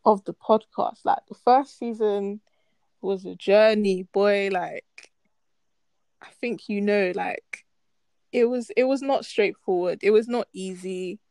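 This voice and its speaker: A woman's voice: medium pitch, takes it slowly, dark tone, no room sound. A young woman co-hosting a podcast, talking bluntly and swearing with exasperation. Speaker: podcast co-host. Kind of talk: casual chat.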